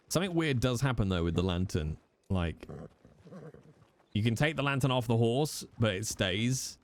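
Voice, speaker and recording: A man's voice: medium pitch, lively intonation, moderate pace. A man, chatting casually with viewers on a live stream, jokey and teasing, with the odd swear.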